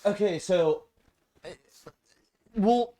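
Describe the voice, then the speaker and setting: A man's voice: high-pitched, drawn-out words, mellow. A young man from South Carolina who speaks without a regional accent, hosting a casual podcast and telling stories. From Charleston, South Carolina. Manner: storytelling, does voices in quotes. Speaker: podcast host. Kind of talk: casual chat.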